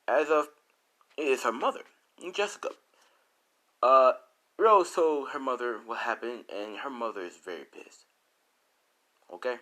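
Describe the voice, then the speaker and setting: A man's voice: medium pitch, a little slow, long pauses, low-quality recording. A man casually improvising a fan story, rambling with many fillers and asides. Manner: rambling, filler-heavy, animated.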